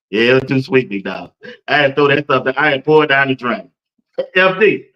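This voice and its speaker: A man's voice: mid-range voice, brisk, muffled recording. A man, hosting a casual live-stream sports talk show, chatty and loose and speaking to viewers in the chat by name.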